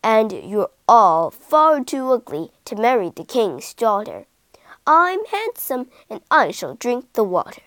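A woman's voice: on the high side, very animated, takes it slowly, no room sound. A woman voicing a vain, sneering male leopard in a storybook reading, with a scornful manner.

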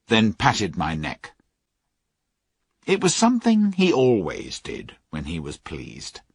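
Slow husky male storybook narrator. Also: fairly low pitch, dry recording, studio quality. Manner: measured storytelling.

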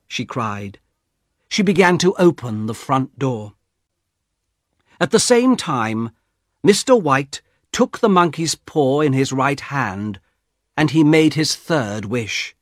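A man narrating a graded-reader audiobook in slow, dramatic storytelling. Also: medium pitch, lively intonation, dry recording, studio quality.

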